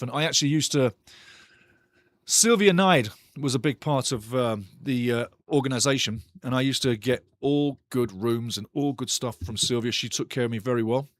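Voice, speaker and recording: A man's voice: mid-range voice, no room sound, studio quality. A man hosting a live football watchalong, chatting with viewers, reading their comments aloud and giving blunt, outspoken opinions while repeating himself often. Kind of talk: live stream chat and football talk. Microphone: desk microphone.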